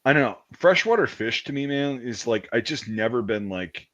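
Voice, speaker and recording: Thirties dude rambling and swearing, voice bounces all over, kinda dull lo-fi sound. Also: male voice, medium pitch, expressive, moderate pace, a bit bright. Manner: rambling, profane storytelling. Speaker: podcast host. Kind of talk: casual chat.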